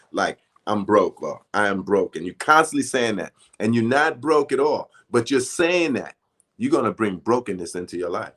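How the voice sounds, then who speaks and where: A man teaching spiritual affirmations in a conversational, emphatic way, often chanting decrees over and over. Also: lowish voice. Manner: conversational, frequent restarts and "right?".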